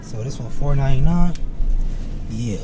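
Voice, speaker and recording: A man hosting a casual prank vlog to camera, energetic and slangy, with plenty of "man" and "you feel me.". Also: fairly high pitch, noisy background. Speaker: vlogger host. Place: indoors at home, then out at a store.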